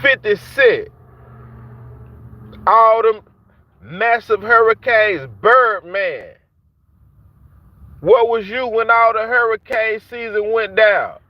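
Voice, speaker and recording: In a slow, high-sitting voice broken by long pauses, this vlogger goes after rappers on camera, taunting and mocking them in heated, repetitive street talk. There's no room sound, and the lo-fi audio is dull and dry.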